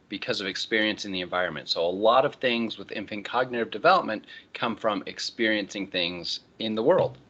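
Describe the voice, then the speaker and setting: A man lectures his class in a loose, conversational way, stringing topics together with easy transitions. His voice is somewhat low yet bright and forceful. It comes through a computer microphone with dull, lo-fi sound. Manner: relaxed, conversational, frequent "all right, so" transitions. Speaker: college instructor. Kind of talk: online lecture.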